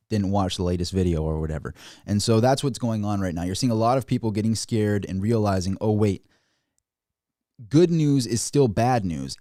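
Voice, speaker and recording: Animated man giving market commentary. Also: no room sound, studio quality. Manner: animated, mimics officials in high mocking voices. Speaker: finance commentator.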